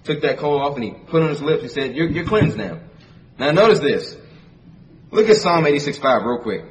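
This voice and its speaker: A man's voice: on the high side, animated, moderate pace. A man preaching a sermon who reads scripture aloud and explains it conversationally, repeating phrases for emphasis. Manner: reads scripture in King James wording, then explains it conversationally. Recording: distant mic with faint background noise.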